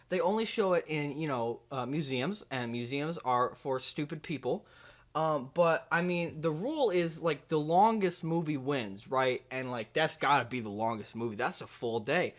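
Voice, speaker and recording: A man's voice: fairly high pitch, normal speed, bright, forceful tone. A man hosting a comedy video, playing an overconfident movie ranker who rambles and stumbles over his words. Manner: bumbling, rambling, with many fillers and restarts.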